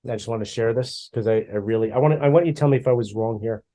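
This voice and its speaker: A man's voice: medium pitch, racing. Chatty middle-aged man telling a story. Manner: animated storyteller, acts out his own past lines. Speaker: podcast co-host. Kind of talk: casual chat.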